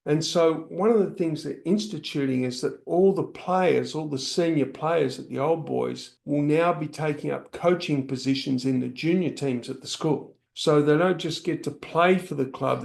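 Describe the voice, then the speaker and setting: A man's voice: fairly high pitch, vocal fry, darkish tone. A man hosting a podcast, musing aloud with fillers in a casual interview. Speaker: podcast host.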